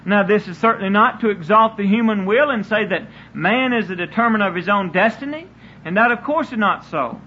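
A man's voice: high-pitched, brisk, a little hiss or hum. A man preaching a sermon in an earnest, repetitive style, often restarting his sentences. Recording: dull lo-fi sermon recording.

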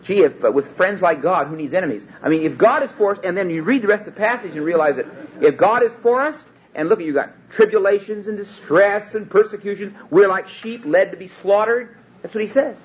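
A Bible teacher delivers an expository lecture in a high, husky, expressive male voice, speaking a bit quickly. He is emphatic but hesitant, often breaking off to restart his sentences. The recording is dull and lo-fi, with a faint hum in the room.

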